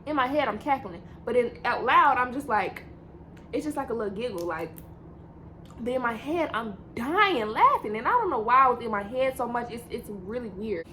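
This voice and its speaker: A young woman tells a casual storytime vlog in a bright, slightly high voice. She rambles and repeats herself in loose slang. A faint hiss sits under the recording. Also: expressive, normal speed. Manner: rambling, repetitive slang-heavy storytelling with laughs.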